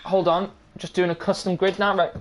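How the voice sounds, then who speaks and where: A woman hosting a live online race league, talking in a brisk, chatty way and sorting out the starting grid. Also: fairly low pitch, flat delivery. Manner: brisk, chatty, easily amused. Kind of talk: live-stream race admin chat.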